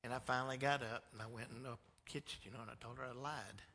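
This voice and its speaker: Pastor, storytelling sermon, bright forceful voice, big reverberant hall. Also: male voice, medium pitch, fairly even intonation, fast talker, gravelly. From Georgia, US. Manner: swings from loud to hushed. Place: church sanctuary.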